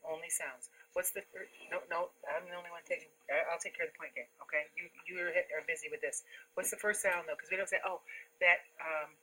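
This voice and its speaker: A woman teacher with a bright, somewhat low voice works with young students. She stretches words out slowly, syllable by syllable, and keeps them on task. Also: fairly even intonation, slightly rough, low-quality recording. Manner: slow, drawn-out sounding of syllables. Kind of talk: classroom reading instruction.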